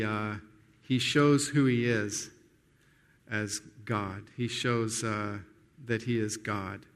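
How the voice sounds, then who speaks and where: A man of middle pitch preaching a sermon with a conversational, earnest delivery. He often restarts his sentences as he works through a point. His voice carries a long reverb, as if recorded in a church hall.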